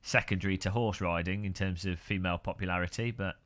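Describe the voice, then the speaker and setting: Bright-voiced man chatting to stream. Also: low-pitched, steady tone, fast talker. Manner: rambling, greets chat by name, joking. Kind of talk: casual live stream chat.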